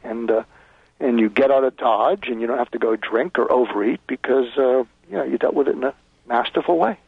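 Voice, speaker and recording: A man's voice: mid-range voice, brisk, vocal fry, husky, no echo. A man being interviewed as a guest author, explaining step by step and acting out sample lines over a phone line. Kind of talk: advice interview.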